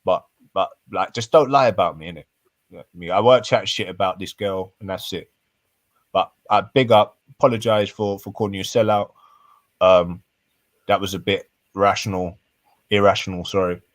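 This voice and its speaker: A man's voice: sits low, fairly even intonation, normal speed, dry recording. A man arguing heatedly on a live-stream panel, swearing and full of slang. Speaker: panel guest.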